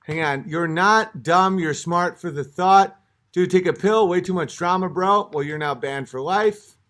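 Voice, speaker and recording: A man's voice: sits high, measured pace, fairly bright tone. A young man a few drinks in, ranting in exasperation on a livestream, swearing and restarting as he reads his chat. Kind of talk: livestream rant.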